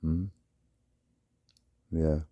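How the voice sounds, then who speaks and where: A man with a Jamaican accent ranting in a scornful, mocking commentary and breaking into loud outbursts. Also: very slow, dull audio. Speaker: video commentator.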